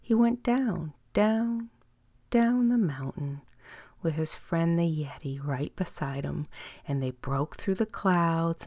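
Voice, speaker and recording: A woman telling a bedtime story in a soft, lilting way, slowing down and dropping to a whisper on some words. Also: fairly low pitch, animated, no echo.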